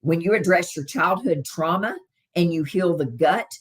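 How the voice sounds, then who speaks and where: Casting: middle-aged Southern woman, low voice, chatty live-stream host answering comments. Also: moderate pace, husky. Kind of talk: casual live-stream chat with viewers.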